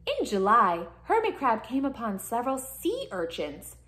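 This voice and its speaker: A woman reading a picture book aloud to children, pausing to lead them in movements and cheering them on. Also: fairly high pitch. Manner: animated, guiding children through movements. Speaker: children's storyteller.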